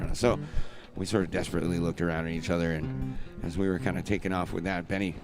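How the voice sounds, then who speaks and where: Low-voiced rambling host over music. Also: male voice, level tone, fast, hardly any pauses. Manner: rambling, profane, laughing storyteller. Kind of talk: casual chat and storytelling on a live music show.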